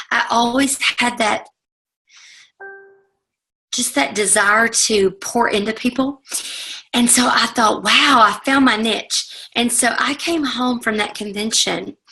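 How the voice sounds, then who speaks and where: Woman, forties, motivational speaker telling her own story, earnest, slightly high with a gravelly edge. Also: pushed and bright, low-quality recording. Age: 40s. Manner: earnest and heartfelt, addressing listeners directly. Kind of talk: personal story talk to an audience.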